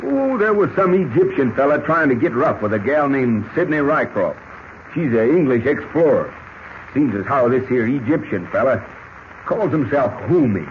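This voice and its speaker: An actor playing a folksy old cowboy prospector who talks in a stubborn Western drawl full of rustic slang, in 1940s radio acting style. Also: male voice, medium pitch, very animated, moderate pace, natural voice. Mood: wary. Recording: dull lo-fi old radio recording with hiss.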